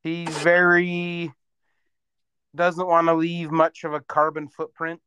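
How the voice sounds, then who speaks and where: A man's voice: on the high side, little pitch movement, takes it slowly, sharp tone, lo-fi sound, slight background noise. A man co-hosting a podcast in casual chat, jokey and teasing. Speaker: podcast co-host.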